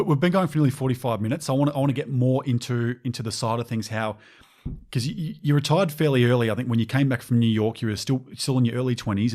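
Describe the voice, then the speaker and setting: A man hosting a podcast, asking his guest brisk, encouraging questions. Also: medium pitch, darkish tone. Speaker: podcast host. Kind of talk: interview questions.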